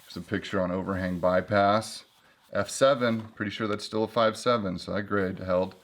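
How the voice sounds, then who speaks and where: Man, casual vlog host, fairly low pitch, chatty, joking. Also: steady tone, moderate pace. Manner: chatty and joking, flips through pages. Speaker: host reviewing an old climbing guidebook. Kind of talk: casual book review vlog.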